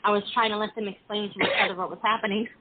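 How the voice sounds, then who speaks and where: A woman's voice: medium pitch, steady tone, rapid-fire. A woman poet chatting earnestly on a call-in show before reading her poem. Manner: earnest, chatty, with fillers and restarts. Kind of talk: casual on-air chat. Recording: tinny phone line, faint hiss.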